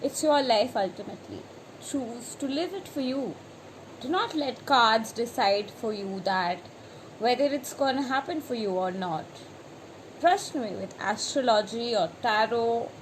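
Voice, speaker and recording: A woman's voice: fairly high pitch, slight background noise, low-quality recording. A woman spiritual coach giving an emphatic motivational talk on a live stream, acting out anxious voices as she goes. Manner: animated, acts out anxious voices; repetitive, emphatic. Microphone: phone or webcam on a live stream.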